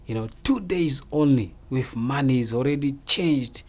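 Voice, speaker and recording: A man, talking casually as an interview guest. His voice sits at an ordinary middle pitch. He tells his story in an animated way and keeps checking that the listener is following. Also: moderate pace. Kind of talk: casual spoken recounting.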